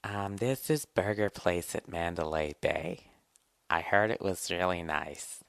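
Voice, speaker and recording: A man's voice: sits low, unhurried, creaky, fairly bright tone, clean tone, dry recording, heavily acted. A man voicing a coy young woman who hints at where she wants to eat, in a timid, sing-song way. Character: coy young woman hinting at a fancy dinner.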